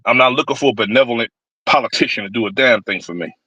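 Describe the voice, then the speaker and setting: A man's voice: mid-range voice, fast talker, sharp tone, slightly rough, dry recording, poor audio. A man on a live stream giving a blunt, rambling political rant, cursing freely. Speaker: stream panelist.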